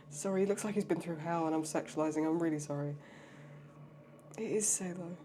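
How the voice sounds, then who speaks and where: A woman's voice: on the low side, mellow, a little hiss or hum. A young adult woman with a cold, reacting to a TV episode in emotional, exclamatory commentary with frequent swearing. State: sick with a cold. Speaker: reaction video host.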